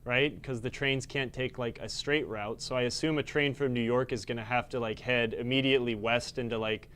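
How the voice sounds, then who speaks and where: A man hosting a live stream, explaining a pinball repair quickly with lots of fillers, tired but energetic. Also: mid-range voice, slight background noise. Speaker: pinball repair technician host. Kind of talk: live-stream technical chat.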